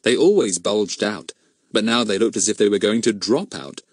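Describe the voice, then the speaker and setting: A man reads a children's mystery audiobook with lively, animated intonation. The sound is close and dry with no room echo, and he shifts into distinct voices for each character. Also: lowish voice, moderate pace, husky. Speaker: audiobook narrator. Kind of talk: storybook audiobook narration.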